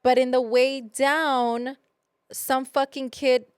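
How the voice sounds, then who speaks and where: Young woman co-host, heated and profane, mixes in Spanish slang, slightly high voice. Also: level tone, slow, clean tone, no room sound, studio quality. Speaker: podcast co-host. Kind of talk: casual podcast chat.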